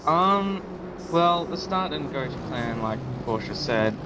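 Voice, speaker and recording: A man's voice: a little high, expressive, takes it slowly, very noisy. A teenage boy, a sim racing driver, giving brief, hesitant answers with ums in an interview. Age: teens.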